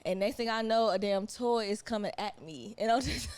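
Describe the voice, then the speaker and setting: A woman's voice: medium pitch, normal speed, a little mellow, smooth, no room sound. A woman co-hosting a podcast, chatting casually and telling stories with informal slang and quoted asides. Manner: storytelling with quoted asides and laughter. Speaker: podcast co-host. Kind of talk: casual chat.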